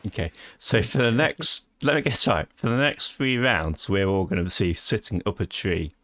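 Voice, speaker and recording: A man's voice: fairly low pitch, moderate pace, a bit bright, no room sound. A man playing in a tabletop game over a voice call, laughing easily and quipping between checks. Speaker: player. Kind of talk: casual tabletop game chat. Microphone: home microphone on a voice call.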